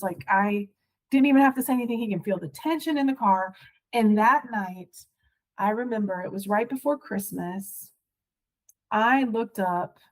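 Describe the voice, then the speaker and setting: A woman's voice: mid-range voice, normal speed, poor audio. Earnest woman telling her story. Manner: candid, earnest, lots of "like" fillers. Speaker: podcast guest. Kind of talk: personal storytelling.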